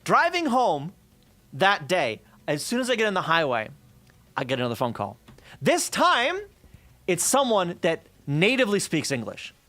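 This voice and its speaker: A man streaming, telling a story in casual chat with an animated, profane manner, acting out the voices of the people he talks about. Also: high-pitched, normal speed.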